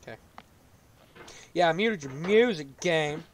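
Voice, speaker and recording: A man playing a game on a video, commenting as he goes and yelling in frustration when he falls. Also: a little high, animated, a little slow, slight background noise. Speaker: gaming YouTuber.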